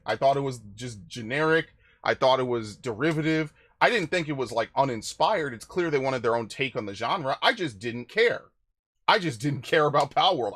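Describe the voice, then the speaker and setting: Fairly high in pitch and fairly bright in tone, this man commentates on his own live game stream. His delivery is an angry, profanity-laced rant, full of false starts where he begins again.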